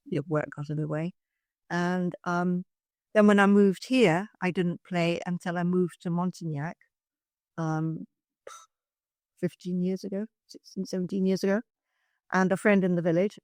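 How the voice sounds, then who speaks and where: A woman's voice: fairly low pitch, a little mellow, no echo. An older woman from Scotland with a Scottish accent, chatting as a podcast guest. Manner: chatty, with frequent restarts. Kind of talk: casual chat.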